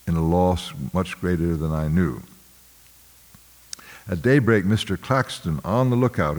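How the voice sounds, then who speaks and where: A man with a very low voice reads literary fiction aloud at a measured, somber pace. He occasionally clears his throat and restarts a word. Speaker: audiobook narrator. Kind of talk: literary narration read aloud.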